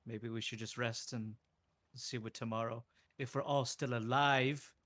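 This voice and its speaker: A man's voice: mid-range voice, steady tone, a little slow, a bit bright, natural voice. A man playing a plain-spoken male adventurer who keeps calling people laddie. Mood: wary.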